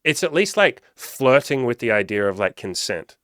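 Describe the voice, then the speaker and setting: A man's voice: medium pitch, sing-song, normal speed, fairly bright tone, no room sound, studio quality. A man talking as a dating coach in a casual monologue, blunt and swearing constantly, driving points home with rhetorical questions.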